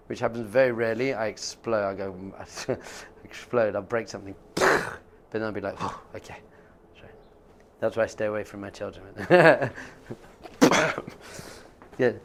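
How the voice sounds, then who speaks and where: A man's voice: medium pitch, slight background noise. A man teaching as a rabbi in an informal class, conversational and jokey, often laughing and acting out quotes.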